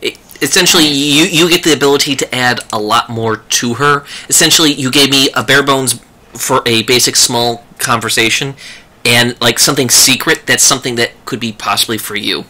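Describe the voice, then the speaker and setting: Male game master with a piercing, bright voice. Loose and chatty, laughs easily. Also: medium pitch, moderate pace. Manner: chatty, laughing often, restarts sentences. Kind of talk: running a tabletop game.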